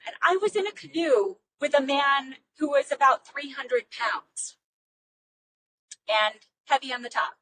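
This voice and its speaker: A woman's voice: sits high, a little slow, pushed and bright. Woman speaker sharing a personal story, candid and rambling, a bit off-mic. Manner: heartfelt, rambling, with many fillers. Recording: faint noise, mic at a distance.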